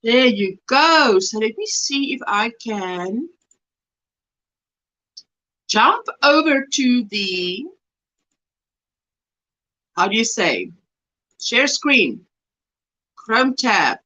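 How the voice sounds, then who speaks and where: A South African woman chats through a livestream, reading out viewers' messages and answering each in turn with frequent laughs. Her voice sits high and bright and swings widely in pitch as she talks. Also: very animated, very slow, pauses often, muffled recording. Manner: reads chat messages aloud warmly, laughing often. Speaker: livestream host. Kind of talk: casual livestream chat.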